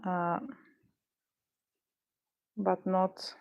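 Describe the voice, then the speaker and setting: A woman's voice: on the low side, monotone, drawn-out words, creaky, muffled recording. A woman streaming live while she works on beadwork, muttering and rambling in frustration and swearing now and then. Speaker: livestreamer making beadwork. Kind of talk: casual livestream chat while crafting.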